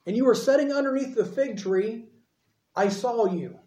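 Man voicing Jesus, gently inviting. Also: very high voice, moderate pace. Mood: earnest. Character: Jesus, calm welcoming male teacher. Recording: roomy echo.

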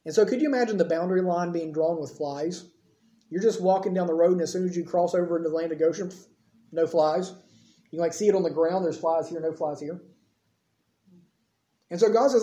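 A man's voice: sits high, a little fast, pauses often, warm tone, reverberant. A man reading scripture aloud and then explaining it in a sermon, in a casual, conversational way. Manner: reads verses, then explains them conversationally with asides. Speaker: preacher.

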